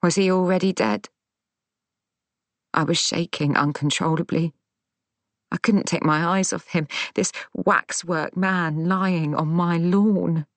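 A woman narrating a first-person audiobook in a measured, tense, dramatic way. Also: lowish voice, fairly even intonation, no echo.

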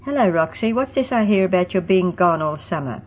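A woman voicing a kind, calm middle-aged mother who speaks in a gentle, measured way. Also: on the low side, slight background noise, close to an everyday voice. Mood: kindly. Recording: tinny phone-like sound.

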